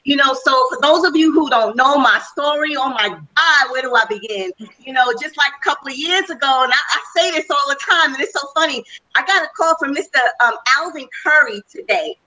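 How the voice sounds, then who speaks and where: High bright-voiced woman giving a testimonial. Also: lively intonation, a little fast, rough recording. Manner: enthusiastic, transparent storytelling. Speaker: panel guest. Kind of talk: testimonial on a webinar call.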